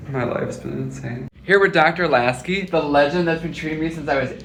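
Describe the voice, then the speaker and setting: A man's voice: fairly high pitch, fairly quick, creaky, very noisy. Candid young man venting on a vlog. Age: 20s. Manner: candid, swearing, jumps between joking and venting. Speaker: vlogger. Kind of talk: casual vlog talk to camera. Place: out and about, car and stores.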